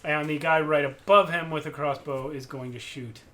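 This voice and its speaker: A man running a tabletop game as game master, making rulings in a relaxed, chatty way. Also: fairly high pitch, moderate pace, a little hiss or hum.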